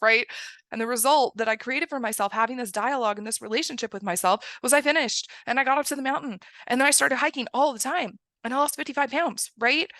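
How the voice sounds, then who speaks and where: A woman's voice: fairly high pitch, pushed and bright, no echo. A woman giving an emphatic motivational coaching talk, often checking in with "right?". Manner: emphatic, keeps asking "right?". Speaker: success coach.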